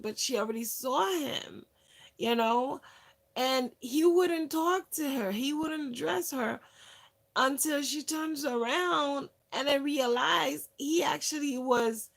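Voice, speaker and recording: A woman hosting a wellness channel, telling stories casually with many fillers and restarts, and acting out other people's words with lively shifts. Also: a little high. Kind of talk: casual storytelling monologue.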